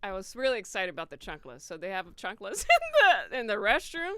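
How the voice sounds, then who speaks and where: A woman comedian on a podcast, talking casually in a giggly, rambling, animated way. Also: mid-range voice, fairly quick, dry recording. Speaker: guest comedian.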